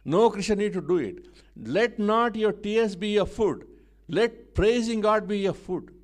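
A man preaching a sermon, driving his points home with repeated phrases and swinging between quiet asides and loud emphasis. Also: high-pitched, measured pace.

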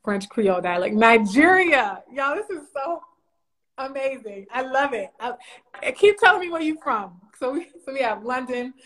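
A woman's voice: high voice, sing-song, moderate pace, fairly bright tone. Bubbly woman hosting a live stream. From Louisiana, USA. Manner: bubbly, laughs often, greets viewers by name. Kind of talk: casual live-stream chat.

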